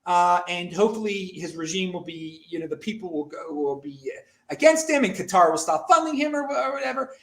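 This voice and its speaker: An American man hosting a casual talk show, rambling excitably with frequent restarts and stammers. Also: high voice, brisk, creaky. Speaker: show host.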